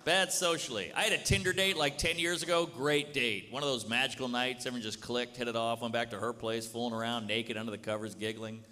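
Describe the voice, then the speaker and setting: A man's voice: medium pitch, steady tone, brisk, few pauses. A man performing a stand-up comedy set, crude and conversational, leaning on "you know". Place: comedy club stage. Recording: live stage mic, reverberant hall, loud audience. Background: audience laughter and room noise.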